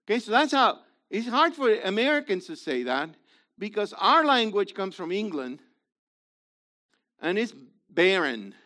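Male Bible class teacher, high bright voice, slow and halting, informal explaining tone. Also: very animated. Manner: halting, explanatory, checks in with listeners. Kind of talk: informal Bible study lesson.

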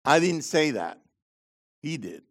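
Male pastor preaching; pitched high, unhurried, punchy loud emphases that drop to quiet asides. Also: very animated. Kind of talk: sermon.

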